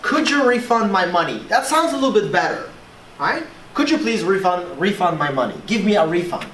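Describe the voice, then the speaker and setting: An English teacher giving a classroom lesson in an animated way, checking in with the class again and again. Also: mid-range voice, a little fast. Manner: animated, keeps checking in with "right?". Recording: echoey room, voice from far off, faint hiss.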